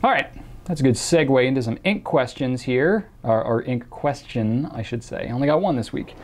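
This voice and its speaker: This host speaks at normal speed in a mid-range voice with lively intonation, answering viewer questions in a chatty, casual way. He stumbles through lots of fillers and restarts and puts on a mock accent to read one question.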